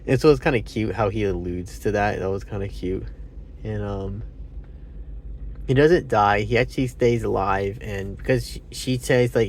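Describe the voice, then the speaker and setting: A man's voice: lowish voice, normal speed, creaky, darkish tone, slight background noise. A man giving a casual, rambling movie review, meandering with fillers and self-corrections, sounding sleepy. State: sleepy, yawning.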